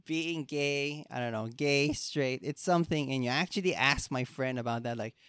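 A man's voice: mid-range voice, normal speed, a bit bright, smooth, no echo, studio quality. A young man from the Philippines with a Filipino English accent, telling rambling, profane comedic stories and laughing at them. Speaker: podcast host. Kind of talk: casual comedic monologue.

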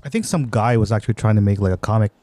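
A man's voice: lowish voice, rapid-fire, dark tone. A man co-hosting a podcast, rambling casually with many fillers and restarts. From Philippines. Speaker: podcast co-host. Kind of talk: casual chat.

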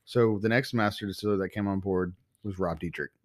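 A man co-hosting a whiskey podcast, talking in an easygoing, chatty way and quick to agree. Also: fairly low pitch, dry recording. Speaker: podcast co-host. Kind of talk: casual chat.

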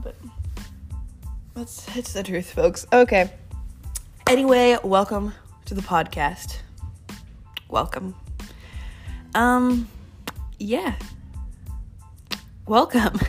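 A young woman hosts her own podcast, chatting loosely and wandering off on tangents. She interrupts herself mid-sentence and circles back, at an ordinary mid pitch. Soft music hums faintly underneath. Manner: rambling, chatty, self-interrupting. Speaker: podcast host. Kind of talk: casual Christian podcast talk.

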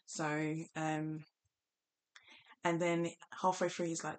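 A woman's voice: on the low side, flat delivery, slow pace. A young woman hosting a podcast, telling a candid story with frequent laughter. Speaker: podcast host. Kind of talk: casual chat.

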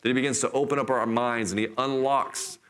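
A middle-aged man preaching a sermon in church, telling a scripture story with lively, acted-out voices. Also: mid-range voice, a little fast. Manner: animated storytelling, acts out voices. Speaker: pastor.

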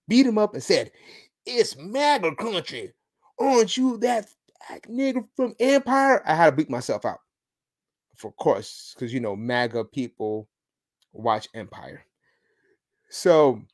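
A podcast host talking solo with a lively, swooping pitch. The delivery is sarcastic and mocking, punctuated by emphatic bursts of stress. It sounds like an unscripted monologue of opinionated commentary. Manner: sarcastic, mocking, chuckling asides.

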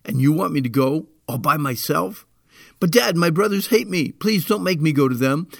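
A man's voice: on the high side, animated, moderate pace, gravelly, no echo, clean studio sound. A man putting on the voice of a whining teenage boy who pleads and complains to his father. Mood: whiny pleading.

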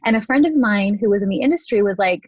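A woman's voice: medium pitch, lively intonation, fast talker, darkish tone, dry recording. A woman in her thirties, a makeup artist being interviewed, telling her story in a chatty way, full of "like" and "you know", acting out what people said. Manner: chatty, lots of "like" and "you know", acts out quotes. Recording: dry, slightly dull audio.

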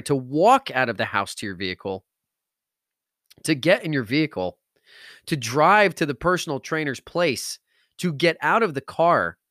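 A man's voice: a little high, pushed and bright, no echo, clean studio sound. A man hosting a podcast, telling an emotional story with intense, emphatic delivery that rises into outbursts. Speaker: podcast host.

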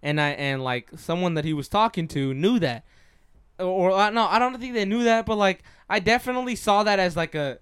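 A man's voice: high voice, animated, fairly quick, a bit bright, smooth, no room sound, clean studio sound. A young man chatting casually as a podcast co-host, rambling with lots of fillers and swearing. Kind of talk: casual chat between friends.

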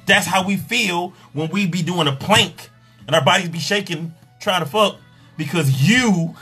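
A man, a pleasure coach, in an exasperated, profane comedic rant in a husky voice. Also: high voice, a little slow, pushed and bright, faint music behind.

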